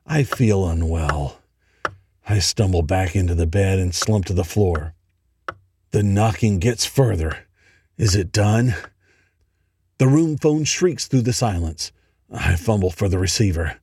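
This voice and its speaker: A man reading a horror story aloud in a slow, dramatic, dread-filled way. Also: low-pitched, a little mellow, breathy edge, no room sound, studio quality. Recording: noisy home recording.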